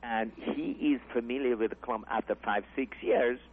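A middle-aged man whose first language is not English, a comedy club owner telling stories in an interview, animated and acting out the voices of others. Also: mid-range voice, normal speed, a little hiss or hum. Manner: animated storyteller, acts out voices, broken English. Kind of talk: storytelling in interview. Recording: tinny phone-like line.

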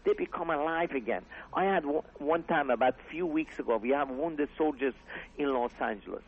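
Man, comedy club owner, earnest rambling talk, broken grammar, husky voice, tinny phone-like sound. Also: on the high side, brisk. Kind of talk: casual radio interview chat. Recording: tinny phone-like radio audio.

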